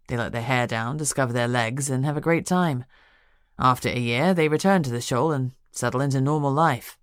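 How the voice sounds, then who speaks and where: A woman narrator voicing a calm, immortal male dragon shifter who speaks in a measured, even way. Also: rumbling low, no room sound, studio quality, voice pushed down.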